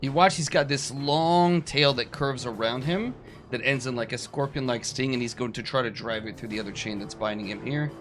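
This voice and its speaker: A man's voice: medium pitch, normal speed, fairly bright tone, faint music behind. A man narrating and running a tabletop game as game master, explaining the rules casually.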